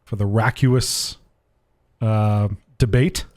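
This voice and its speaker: A man's voice: fairly low pitch, steady tone, slow, a little mellow. A man co-hosting a casual gaming podcast, laid-back and hesitant, with many ums and restarts. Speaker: podcast co-host.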